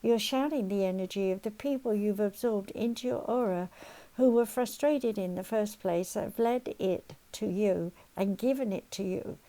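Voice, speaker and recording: A woman's voice: medium pitch, normal speed, rough recording. An older woman giving a spoken lesson as a counselor, leading listeners step by step through exercises and acting out everyday worries along the way. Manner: animated, acts out everyday worries, gives step-by-step instructions. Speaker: counselor and teacher.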